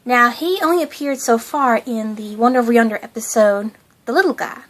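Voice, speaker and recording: A young woman talks about a cartoon in a casual, gushing voice that keeps breaking into giggles. Her voice sits a little high. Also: fairly quick, fairly bright tone. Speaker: fan channel host.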